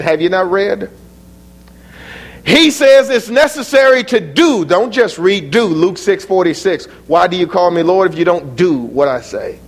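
A man preaching a sermon, citing scripture chapter and verse, dropping to low asides and rising to near-shouted peaks.

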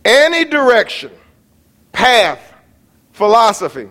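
A male pastor preaching a sermon in a church. He moves between quiet asides to the congregation and emphatic, near-shouting declarations. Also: extremely high pitch, very animated, takes it slowly. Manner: talks to the congregation and the tech operator by name. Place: church sanctuary.

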